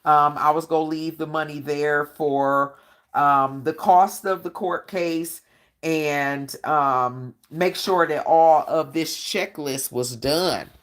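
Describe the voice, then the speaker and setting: This channel host's voice sits low, and she speaks slowly in a steady tone during her live-stream Q&A. Her manner is confrontational and full of blunt, profane street talk, with frequent "all right?" questions.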